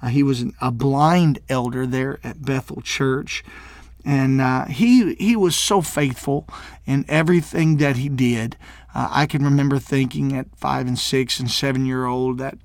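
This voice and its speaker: Halting, emotional man from Mississippi. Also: medium pitch, no room sound, clean studio sound. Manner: halting, many fillers and restarts; emotional, tearful at times. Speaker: minister. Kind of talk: personal testimony.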